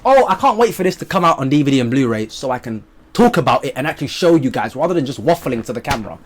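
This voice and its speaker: A young man reviews a movie to camera in a casual vlog, talking quickly. He is excited and animated, swinging between loud bursts and low mutters and swearing freely.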